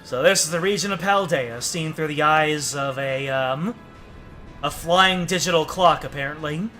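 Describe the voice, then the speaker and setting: At normal speed, a man with a high-leaning, pushed and bright voice offers casual let's-play commentary while streaming a game. He jokes and chats, at times reading the game text in an exaggerated newscaster voice, with faint music in the background.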